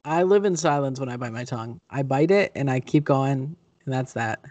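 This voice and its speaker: A man's voice: mid-range voice, a little fast, darkish tone, dry recording, muffled recording. A man co-hosting a podcast, throwing in dry, wry asides during casual banter. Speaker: podcast co-host.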